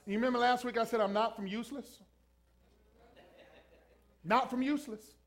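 A man's voice: extremely high pitch, fairly even intonation, moderate pace. A man preaching a sermon as pastor, emphatically urging the congregation to repeat lines after him. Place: church.

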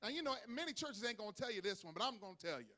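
Preacher guy with a high voice, goes from hushed to shouting, reads the bible slow, asks for amens. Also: sing-song. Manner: calls for audience responses. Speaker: pastor. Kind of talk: sermon. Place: church sanctuary.

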